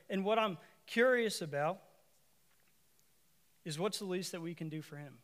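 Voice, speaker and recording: Male preacher, higher voice, conversational sermon with asides and emphatic repeats. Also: moderate pace, fairly bright tone. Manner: asides to the congregation and self-corrections.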